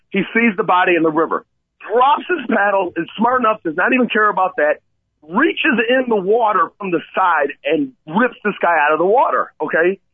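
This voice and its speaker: A man co-hosting a talk radio show, telling a rescue story in an animated way and often asking "okay?". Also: high voice, breathy edge, no room sound. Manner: excitable, repeats "okay?" and addresses Coach. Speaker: radio co-host and kayak tour operator. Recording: tinny phone-line sound, dry.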